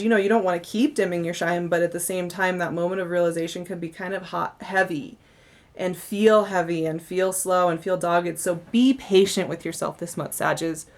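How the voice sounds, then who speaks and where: Chatty, effusive woman reading tarot. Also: on the low side. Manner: chatty and effusive, laughs often, many fillers. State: yawning, tired. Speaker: tarot reader. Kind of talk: casual monthly tarot reading.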